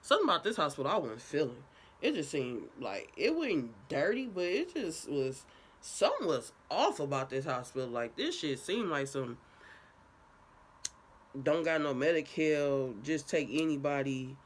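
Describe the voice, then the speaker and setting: A young woman vlogger telling a casual, profane story time in an animated way. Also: low-pitched, moderate pace, a little hiss or hum.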